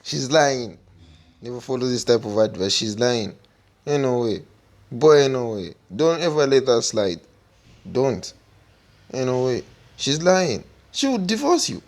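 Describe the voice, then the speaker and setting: A man in a casual chat, breaking in with loud, mocking reactions. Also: mid-range voice, sing-song, a little slow, pauses often.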